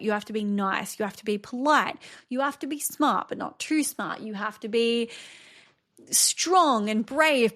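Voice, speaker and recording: A woman in her thirties hosting a podcast, talking candidly and thoughtfully about her own life. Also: a little high. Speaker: podcast host. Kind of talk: solo reflective podcast talk.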